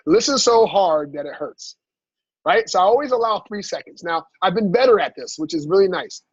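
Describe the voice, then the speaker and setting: A man coaching his team in a motivational training talk, energetic and asking "right?" after every point. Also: high-pitched, slightly rough, no room sound. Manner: energetic, repeats "right?" often, acts out dialogue. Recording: dull lo-fi sound.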